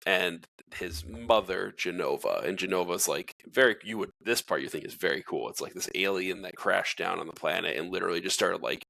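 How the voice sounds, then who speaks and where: A man's voice: low-pitched, brisk, creaky, few pauses, pushed and bright, dry recording. A man co-hosting a podcast, talking casually and rambling with lots of filler words. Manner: rambling, heavy on filler words, laughs easily. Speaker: podcast co-host. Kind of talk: casual chat.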